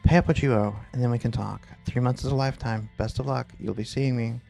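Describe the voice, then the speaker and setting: A man voicing a smug, scheming middle-aged landlord who talks in a smooth, condescending and coolly threatening way, with a gravelly edge. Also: medium pitch, steady tone, quick pace, dark tone, soft background music, lightly acted.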